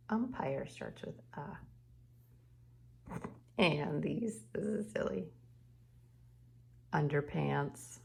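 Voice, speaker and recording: Patient, gravelly-voiced woman teaching phonics. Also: sits low. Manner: patient, stretches out each sound and word. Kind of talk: slow, clearly sounded-out phonics lesson for young children.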